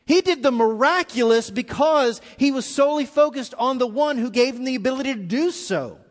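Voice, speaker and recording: A man's voice: very high-pitched, animated, a little fast. A man preaching a live sermon as pastor, telling a story and acting out the quoted lines with rising intensity. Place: church auditorium. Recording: live in a reverberant hall.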